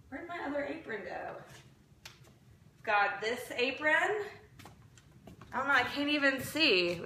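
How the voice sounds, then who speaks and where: Bright-voiced woman joking through a kitchen vlog. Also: high-pitched, a little hiss or hum. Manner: joking, rambling, self-mocking. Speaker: lifestyle blogger. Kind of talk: casual live-streamed baking vlog. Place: home kitchen. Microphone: phone camera. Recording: echoey kitchen on a phone.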